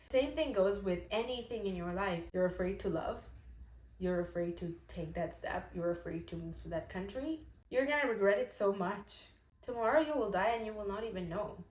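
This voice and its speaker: A woman's voice: medium pitch, moderate pace. Earnest woman vlogger in an echoey room. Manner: earnest, animated, with many fillers. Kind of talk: casual talk to camera.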